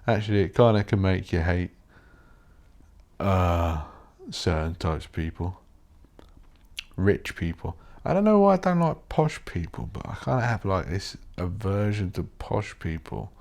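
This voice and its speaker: Man, very deep voice, solo podcast host, rambling, blunt, swears a lot. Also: expressive, unhurried. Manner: blunt, sweary, thinking out loud.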